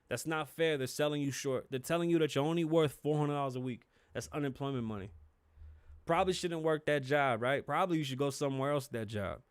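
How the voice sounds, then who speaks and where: A Bronx man in his thirties hosts a solo podcast, ranting opinionatedly in a New York accent. His voice is a little high and clean, with no room sound. He's profane, fired-up and emphatic, with blunt emphasis, swinging between shouting and muttering.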